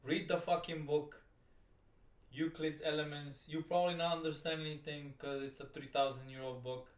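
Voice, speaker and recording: A man's voice: on the high side, level tone, normal speed. Ranting man in a roomy space. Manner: profane, exasperated, rambling. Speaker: vlogger reacting to a video. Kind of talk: ranting commentary. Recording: roomy sound, distant from the mic.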